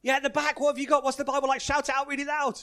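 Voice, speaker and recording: A man preaching a lively, playful family-service sermon in church, asking the congregation questions and calling out their answers. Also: extremely high pitch, very fast.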